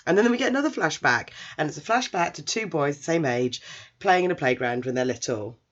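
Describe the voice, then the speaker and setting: A woman casually retelling a story in an animated, chatty way, full of asides. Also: deep voice, a little fast, dull audio. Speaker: anime recap storyteller.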